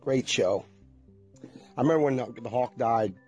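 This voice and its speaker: A man's voice: mid-range voice, moderate pace, darkish tone, slightly rough, faint music behind. A man in his forties chatting casually to viewers, rambling and nostalgic and swearing freely.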